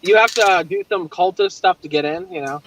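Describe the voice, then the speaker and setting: A young man chatting casually on a livestream call, telling stories in an animated way and laughing often. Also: sits high, a little fast, slight background noise, rough recording. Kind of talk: casual chat.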